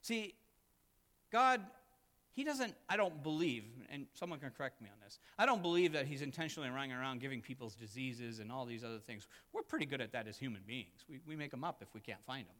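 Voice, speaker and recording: A man's voice: medium pitch, expressive, a little fast. Dynamic male pastor preaching in a reverberant church. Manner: dynamic preaching, swinging from loud emphatic peaks to hushed asides. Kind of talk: sermon. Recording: long reverb of a church hall.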